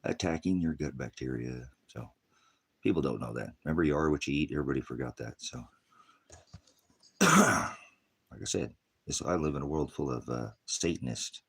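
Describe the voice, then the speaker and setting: A man's voice: very deep voice, moderate pace, pauses often, breathy edge. A retired male pastor preaching in a rambling, combative rant that jumps from topic to topic. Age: older.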